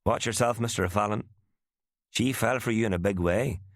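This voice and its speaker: A man's voice: fairly low pitch, moderate pace, dry recording, studio quality, pitched above the performer's own voice, natural voice. Man doing a cheeky, impudent sidekick. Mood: teasing. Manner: impudent, teasing.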